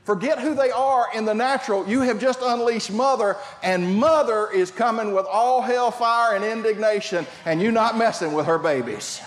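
An older man preaching a sermon, telling family stories and shifting from shouts to quiet asides. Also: high voice, normal speed, hardly any pauses. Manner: storytelling preacher, swings from shouting to hushed. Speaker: pastor.

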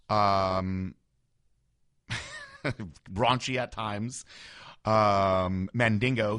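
A man's voice: lowish voice, a bit bright. Frank man telling a story. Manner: candid, frank, conversational. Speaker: former bodybuilder. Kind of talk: casual storytelling monologue.

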